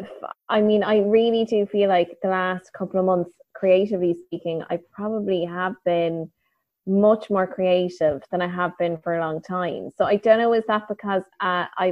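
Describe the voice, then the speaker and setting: A woman's voice: mid-range voice, no room sound. A woman comedian co-hosting a podcast, chatting casually in a reflective way with wry humor. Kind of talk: casual chat. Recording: dry, dull lo-fi sound.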